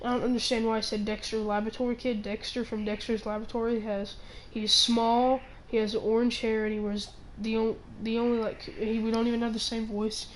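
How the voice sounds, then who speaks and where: A teenage girl rants into the camera in a rambling, halting way, tripping over restarts as she grows indignant. Her voice sits a little high, but she barely moves it up or down. A faint hum of room sound lies underneath. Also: level tone, rough recording. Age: teens. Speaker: channel owner. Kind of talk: ranting vlog.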